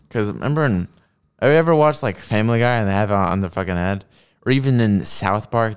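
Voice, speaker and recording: A man's voice: on the low side, clear, resonant tone. A man ranting on a stream as he reacts to videos, swearing often and laughing at his own jokes, into a desk microphone. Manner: profane, sarcastic rant with laughs. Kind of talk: ranting commentary while watching videos. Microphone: streaming mic at a desk with a mixer.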